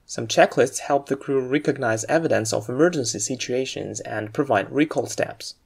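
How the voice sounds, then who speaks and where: A man teaching aviation English in a scripted lesson narration, with a clear, deliberate, explanatory delivery. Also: mid-range voice.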